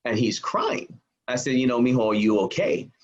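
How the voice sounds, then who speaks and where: A guest speaker and author tells personal stories in a podcast interview, animated and laughing often as he acts out what people said. His voice is medium in pitch at a normal speed, captured in dull, lo-fi podcast audio.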